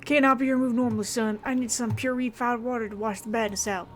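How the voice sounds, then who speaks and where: A woman voicing a wounded, gruff and fatherly old man who calls everyone son and talks in clipped, odd grammar. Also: on the high side, steady tone, quick pace, soft background music, voice pushed up, natural voice. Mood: pained.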